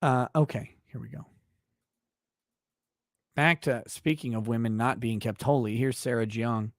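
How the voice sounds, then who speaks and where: A man's voice: mid-range voice, fairly even intonation, unhurried, no room sound, clean studio sound. A man hosting a livestream who rants in a blunt, profane, riffing way. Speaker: livestream show host. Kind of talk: casual livestream rant.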